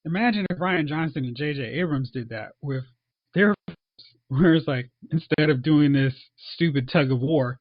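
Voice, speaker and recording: Animated man chatting about a movie. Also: a little high, no echo. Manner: animated, acts out characters in quick asides. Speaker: podcast co-host. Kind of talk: casual movie review chat. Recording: dull, dry lo-fi sound.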